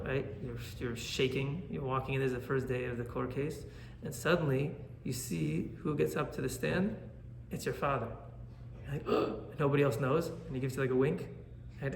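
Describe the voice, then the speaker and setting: Animated rabbi with a gravelly voice. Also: male voice, mid-range voice, echoey room, slight background noise. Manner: animated, asks "right?" often. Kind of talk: Torah class.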